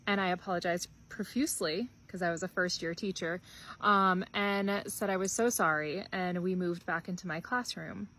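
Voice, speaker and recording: A woman's voice: lowish voice, fairly even intonation, moderate pace, sharp tone. Casting note: woman in her thirties, confiding comic storyteller. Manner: chatty, confiding anecdotes with acted quotes. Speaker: comedian and teacher. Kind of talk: comedic storytelling.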